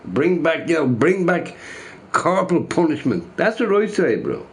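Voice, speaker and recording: A man's voice: fairly high pitch, big pitch swings, unhurried. A man ranting casually to his chat, repeating himself emphatically. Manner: emphatic, repeats phrases, says bro a lot.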